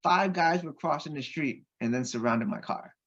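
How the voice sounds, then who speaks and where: A man, a podcast guest, telling a personal anecdote in an animated way and acting out the voices of the people in it. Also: on the high side, moderate pace, dull audio. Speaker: podcast guest, real estate investor.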